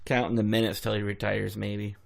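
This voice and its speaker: Gravelly, laid-back male co-host. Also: fairly low pitch, little pitch movement, fairly quick. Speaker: podcast co-host. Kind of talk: casual podcast chat.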